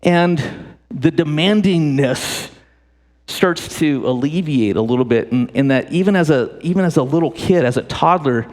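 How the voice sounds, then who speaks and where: A man preaching in a church sanctuary, his fairly high voice trailing off into a long hall reverb. He talks in an animated, joking way, repeating and restarting phrases as he goes. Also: normal speed. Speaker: pastor. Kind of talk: sermon.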